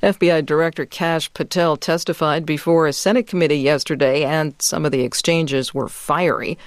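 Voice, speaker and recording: A man reading a radio news bulletin in a measured, clipped newsreader delivery. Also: fairly high pitch, fairly even intonation, dry recording, studio quality. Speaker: newscaster. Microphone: studio mic.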